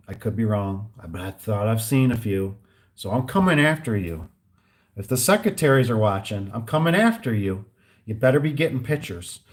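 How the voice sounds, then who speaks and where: Man, casual vlog rant, garage door installer, animated storyteller. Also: medium pitch. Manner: animated storyteller, acts out both sides of phone calls.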